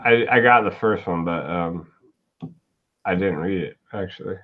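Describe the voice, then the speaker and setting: A man's voice: low voice, a little slow. Chatty stream host guy greeting the chat, kinda muffled lo-fi sound. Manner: chatty, greets viewers by name, laughs often. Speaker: show host. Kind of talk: casual livestream chat. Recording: dull lo-fi stream audio.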